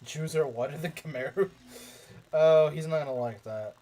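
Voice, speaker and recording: Young guy streaming a game, kinda high voice, rambles and repeats himself, talks to chat. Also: a little slow, dark tone, slight background noise. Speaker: let's play streamer. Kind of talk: casual game commentary.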